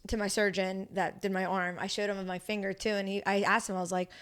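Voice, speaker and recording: A young woman chats on a podcast, with a smooth, clear voice. She tells her story with animation, acting out what others said and swearing freely. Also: medium pitch, flat delivery, fast, a bit bright. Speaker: podcast guest, grappler. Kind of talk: casual podcast chat.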